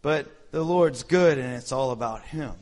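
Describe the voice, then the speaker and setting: A man's voice: medium pitch, unhurried, a little mellow. A man preaching in a casual, joking, self-deprecating way to his congregation. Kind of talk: informal sermon talk.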